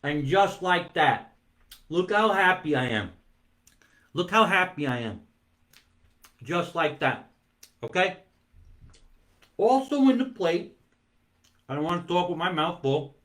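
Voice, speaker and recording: This man's voice is on the high side and a bit bright, with big swings in pitch, a slow pace, and frequent pauses. He hosts a live-streamed comedy monologue from his home basement, eating while he chats playfully and elongating words for comic emphasis.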